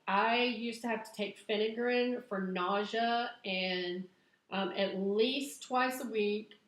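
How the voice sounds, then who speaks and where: Chatty woman vlogging in an echoey room. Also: medium pitch. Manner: chatty, excitable, laughs at herself. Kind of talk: casual chat to camera.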